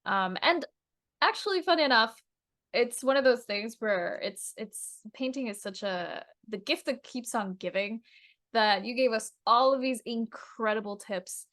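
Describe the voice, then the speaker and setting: A woman's voice: a little high, expressive, unhurried, a bit bright. A woman hosting a casual interview, replying with enthusiasm. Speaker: podcast host.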